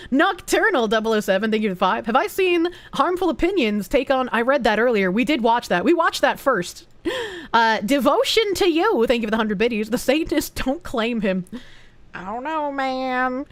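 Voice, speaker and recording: Young woman streamer, fairly high voice, dry close sound, casual and profane, reads out donations and chats. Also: animated, normal speed, no echo. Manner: reads donation messages aloud, thanks supporters, swears casually. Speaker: streamer reading chat. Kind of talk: casual livestream chat.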